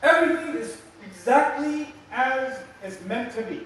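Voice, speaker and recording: A man delivers a religious lecture in a fairly high voice, animated, slipping into acted scolding and driving points home by repeating them. He is heard from a distance through a big, very echoey mosque hall, with a faint hum of noise behind him. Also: normal speed. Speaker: lecturer on scripture.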